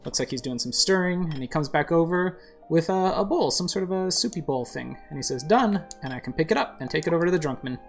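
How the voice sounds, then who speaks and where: A woman's voice: low-pitched, fast talker, hardly any pauses, faint music behind. A woman narrating a video game playthrough in a casual way, describing the screen with fillers. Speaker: game streamer. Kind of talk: casual let's-play narration.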